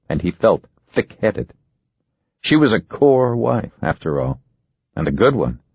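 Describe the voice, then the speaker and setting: Deep husky guy reading a thriller audiobook, lively delivery, dull lo-fi sound. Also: dry recording. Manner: measured, suspenseful. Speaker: audiobook narrator. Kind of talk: scripted narration.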